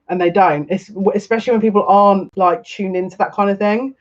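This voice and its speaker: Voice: mid-range voice, fairly quick, hardly any pauses, lo-fi sound. Chatty, laughing psychic tarot reader. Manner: chatty and rambling, often laughing and repeating phrases. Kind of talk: live tarot reading, chatting with viewers.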